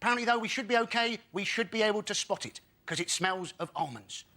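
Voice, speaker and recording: A man's voice: high-pitched, animated, fast, bright, forceful tone. A man doing a chatty stand-up bit as a comedy panellist. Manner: chatty, conspiratorial storytelling. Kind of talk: stand-up routine. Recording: noisy studio.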